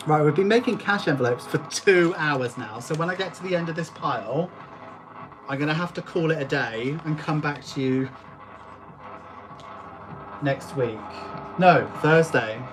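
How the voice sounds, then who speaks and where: A woman's voice: deep voice, normal speed, pauses often. A young woman, chatting casually in a vlog while making cash envelopes, giggly and joking as she rambles. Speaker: budgeting vlogger. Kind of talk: casual chat while doing a craft task.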